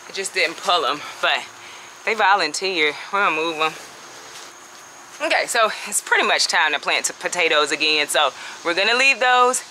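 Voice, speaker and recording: A woman's voice: on the low side, lively intonation, normal speed, sharp tone, slight background noise, poor audio. A woman chatting casually as she walks viewers through her backyard garden on a handheld phone, laughing often and calling them y'all. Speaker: home gardener vlogger. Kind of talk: casual garden walkthrough vlog.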